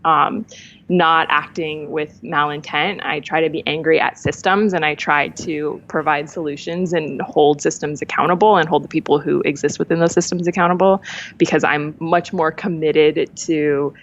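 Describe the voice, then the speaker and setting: A woman's voice: low-pitched, fairly even intonation, moderate pace, lo-fi sound. A woman guest talking candidly in a casual conversation, laughing often and shifting her pace. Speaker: podcast guest.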